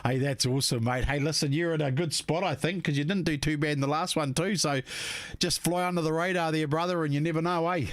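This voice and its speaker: Laid-back Kiwi race commentator, matey. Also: male voice, fairly high pitch, steady tone, quick pace, dry recording. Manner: laid-back, matey, peppers talk with "mate" and "eh". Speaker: race commentator and stream host. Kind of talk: casual live race commentary.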